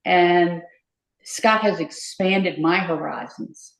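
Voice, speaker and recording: An older woman, a podcast guest, telling warm stories in a casual interview and laughing easily. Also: fairly low pitch, slow pace, gravelly. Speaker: podcast guest, endurance rider. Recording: echoey room.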